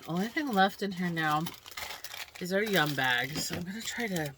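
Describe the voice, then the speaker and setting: A woman in a relaxed snack taste-test vlog, chatting unhurriedly and murmuring between bites. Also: fairly low pitch, moderate pace, slight background noise. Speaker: snack review vlogger.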